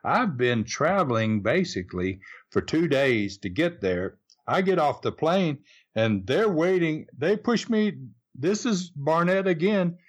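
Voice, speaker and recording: A man's voice: fairly high pitch, big pitch swings, a little slow. An older man with a Southern US accent, reminiscing in a casual interview as a retired wrestler, telling stories in a rambling way with frequent restarts. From Southern United States. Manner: rambling storyteller with repeated restarts.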